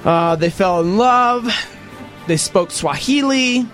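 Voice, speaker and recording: Male podcast host, high, lively, theatrical storyteller over faint music. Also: slow. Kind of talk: dramatic storytelling chat.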